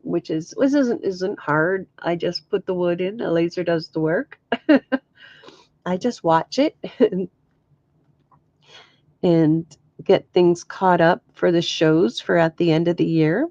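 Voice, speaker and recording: A woman's voice: fairly low pitch, takes it slowly, pauses often, a little mellow, dry recording, lo-fi sound. A middle-aged woman chatting casually to camera as a crafts vlogger, telling stories with frequent laughs and exclamations. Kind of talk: casual chat.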